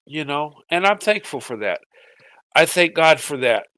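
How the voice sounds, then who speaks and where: A middle-aged man giving a halting, emotional personal monologue to his viewers, tearful and often repeating his words as his voice breaks. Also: fairly high pitch, sing-song, bright, forceful tone, dry recording. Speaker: vlogger.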